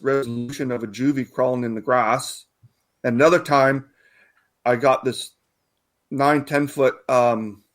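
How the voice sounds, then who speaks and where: A man from Canada, a guest researcher, talking casually in an interview, rambling with many fillers and restarts. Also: medium pitch.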